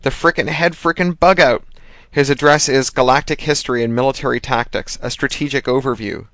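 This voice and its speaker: A man's voice: medium pitch, steady tone, a little fast, a bit bright, no room sound, pitched above the performer's own voice, close to an everyday voice. A man reading an audiobook, voicing a pushy, gushing male activist friend who swears freely. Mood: eager.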